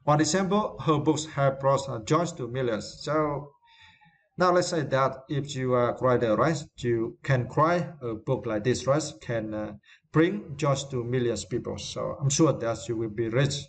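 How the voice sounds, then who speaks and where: A man's voice: mid-range voice, measured pace. A man whose first language is Vietnamese, teaching English vocabulary in a hesitant way, with many fillers and tag questions. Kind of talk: vocabulary lesson.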